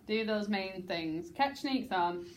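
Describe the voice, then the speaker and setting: A woman teacher directing a class drama rehearsal, brisk and joking, acting lines out herself. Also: mid-range voice, expressive, a little hiss or hum.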